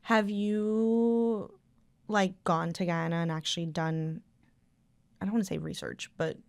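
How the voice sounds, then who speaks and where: A woman's voice: fairly low pitch, steady tone, a little slow, vocal fry, darkish tone, clear, resonant tone, no room sound. A woman in her thirties hosting a studio podcast, chatting casually with lots of fillers. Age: 30s. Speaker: podcast host. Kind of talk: casual interview chat.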